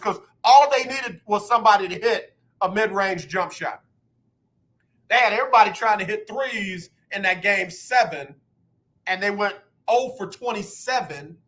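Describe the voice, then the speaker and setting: Radio host, man in his sixties, high bright voice, emphatic and heated sports talk. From United States. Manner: emphatic, repeats words when fired up.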